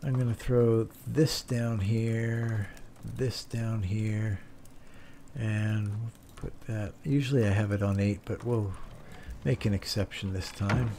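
A man's voice: lowish voice, steady tone, takes it slowly, noisy background. A man casually commenting on his own gameplay, chatty and self-deprecating, talking to himself as he goes. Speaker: gameplay streamer. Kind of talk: casual let's-play commentary.

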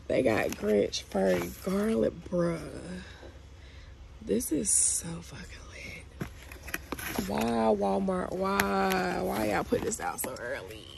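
An excitable woman vlogs as she walks through a big store. Her voice has a gravelly edge and swoops up and down a lot. Loud store noise runs behind her. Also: mid-range voice, takes it slowly, pauses often. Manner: excitable, swearing, gasping and squealing. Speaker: vlogger. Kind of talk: casual shopping vlog. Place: in a large store. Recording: noisy store ambience.

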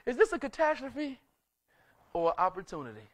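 A male pastor preaching a sermon, driving it with repeated rhetorical questions, call-and-response, and sudden shouts. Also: extremely high pitch, wildly swooping pitch, moderate pace.

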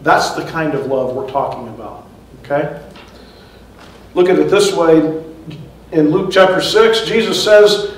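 A man's voice: on the high side, lively intonation, a little slow, pauses often. A man giving a conversational sermon as pastor, chuckling at his own asides. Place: church sanctuary. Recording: echoey church hall, mic far off.

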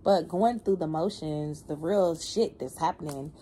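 A woman giving a casual spiritual card reading, animated and slangy, humming and laughing between lines. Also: low-pitched, unhurried, a little hiss or hum. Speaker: tarot reader.

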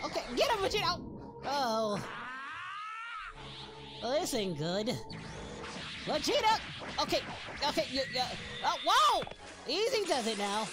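Someone doing a pumped-up young fighter guy, goku, voice bouncing all over, music loud behind. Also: sits high, wildly swooping pitch, unhurried, pauses often, exaggerated voice. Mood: hyped. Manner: hyped, shouting, cheering at the screen. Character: excitable young male martial-arts hero. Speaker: reaction channel host. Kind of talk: in-character reaction commentary.

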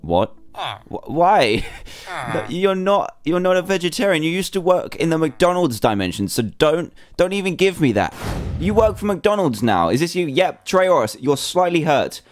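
A man's voice: sing-song, normal speed, no echo, soft background music. Playful young man showcasing a game mod. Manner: playful, teasing, bursts of high-pitched mock outrage. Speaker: gaming YouTuber. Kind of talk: Minecraft mod showcase commentary.

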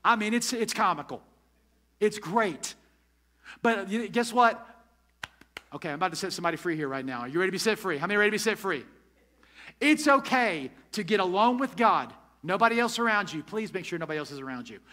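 A man's voice: high-pitched, expressive, brisk, pushed and bright. A male pastor preaching a sermon to his congregation, emphatic, often asking if they are with him. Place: church sanctuary.

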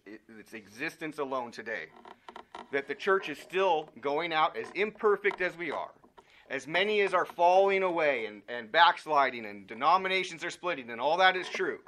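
A man teaching a Sunday school lesson in an earnest, halting way, often restarting his sentences. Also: on the high side, fairly bright tone. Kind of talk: church teaching.

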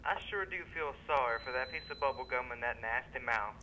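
A man's voice: medium pitch, brisk, sharp tone. A man in playful, mock-dramatic banter, teasing others on a call-in show. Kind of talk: comic banter and prank voices. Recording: noisy with clicks.

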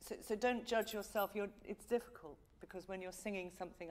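A woman's voice: fairly low pitch, steady tone, fast talker, hardly any pauses, darkish tone. A middle-aged English woman teaching a vocal masterclass, encouraging and demonstrating phrases aloud.

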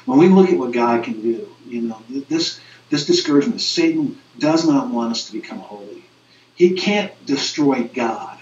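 This youth minister moderating a webinar shares stories conversationally, sounding earnest but halting, with frequent restarts. He speaks with an expressive, medium-pitched, darkish voice. The recording is distant, roomy, dull and lo-fi.

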